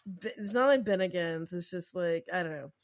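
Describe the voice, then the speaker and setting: A woman's voice: fairly low pitch, moderate pace, no echo, clean studio sound. A woman co-hosting a podcast, chatting casually and rambling with lots of filler words. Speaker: podcast co-host.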